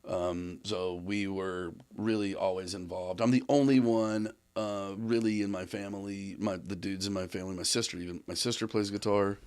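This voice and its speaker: A man's voice: low voice, little pitch movement, moderate pace, few pauses, a little mellow, clean tone. A man in casual podcast conversation, rambling a little, with many fillers and restarts.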